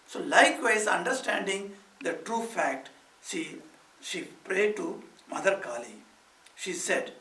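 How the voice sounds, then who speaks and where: A man's voice: high voice, animated, normal speed, a bit bright. A man, a monk, giving an emphatic spiritual talk of readings and reflections, full of rhetorical questions. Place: society hall. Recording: echoey room, mic at a distance.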